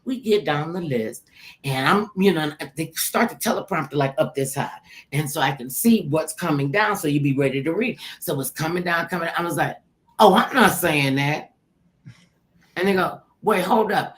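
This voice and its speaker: Low-voiced older woman telling a lively story. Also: a little fast. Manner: animated, acts out quoted voices, laughs. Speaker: talk show host telling her story. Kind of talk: casual storytelling chat.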